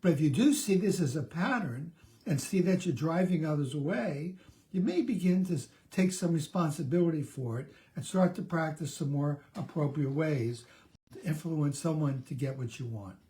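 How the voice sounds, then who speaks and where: A man's voice: a little high, expressive, normal speed, dark tone. A middle-aged man, a therapist, giving a conversational self-help talk, often restarting and repeating words.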